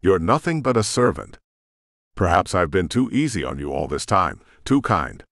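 A haughty middle-aged sorceress, cold and unyielding, delivered low with a lively lilt by a male narrator. The audiobook recording is close and dry. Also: normal speed, no echo, heavily acted.

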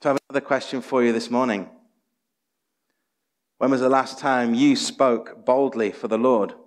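A man's voice: medium pitch, fairly even intonation, normal speed. A man preaching a sermon as pastor, earnest and exhorting, full of rhetorical questions. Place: church sanctuary. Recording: long church hall reverb.

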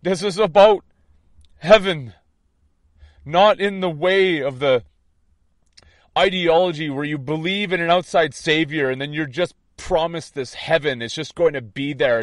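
A man's voice: a little high, dry recording, studio quality. A man giving an impassioned spiritual monologue, intense and defiant, repeating his points. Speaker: online preacher.

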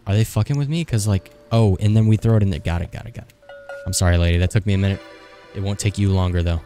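A man's voice: deep voice, steady tone, fast, dark tone, soft background music. A young man in his twenties doing casual, frantic gameplay commentary, swearing and joking to himself as he plays. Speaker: gaming streamer.

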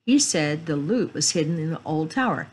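A woman's voice: sits low, animated, moderate pace, a little mellow, slight background noise. A woman voicing a courteous, eager teenage boy detective. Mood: firm.

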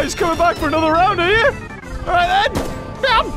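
A man giving excitable gameplay commentary, laughing often and yelping at jump scares. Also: extremely high pitch, fairly quick, music in the background. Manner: excitable, laughs a lot, yelps and shouts at scares. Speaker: gaming YouTuber.

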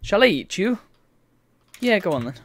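Streamer doing a low hungry giant. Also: big pitch swings, normal speed, a little hiss or hum, lightly acted. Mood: teasing. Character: hungry giant, large, gruff but harmless.

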